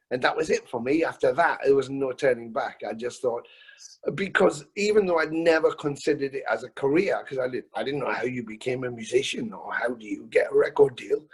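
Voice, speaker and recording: With a husky, mid-range voice, this man in his fifties is a musician being interviewed over video call. He spins stories energetically and casually, cursing freely and often starting his sentences over.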